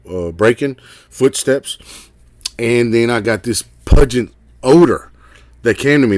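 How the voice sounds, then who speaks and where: A man's voice: medium pitch, dry recording. A middle-aged man tells a story in a casual, rambling way, full of fillers and asking "right?". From Texas. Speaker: caller sharing an encounter.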